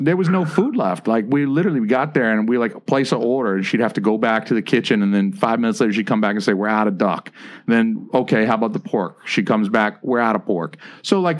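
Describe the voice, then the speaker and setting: A man's voice: medium pitch, a little fast, hardly any pauses. A man hosting a casual podcast chat, rambling through stories with lots of filler words. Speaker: podcast host.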